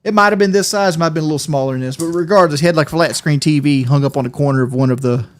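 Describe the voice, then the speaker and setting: A man's voice: on the high side, rapid-fire. A man streaming a game, chatting casually in a rambling, profane way and often laughing. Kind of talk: casual livestream chat.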